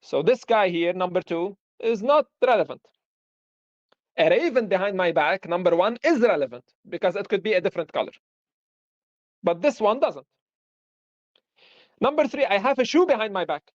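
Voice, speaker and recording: High-voiced man lecturing through examples. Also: animated, moderate pace, pauses often, no echo, highs cut off. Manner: explains with rhetorical questions and examples. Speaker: philosophy lecturer. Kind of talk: live-streamed lecture discussion.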